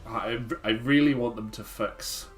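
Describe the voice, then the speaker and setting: A man with a mid-range, slightly slow voice streams a card game live. He chats loosely and ramblingly with his viewers, filling his talk with "like."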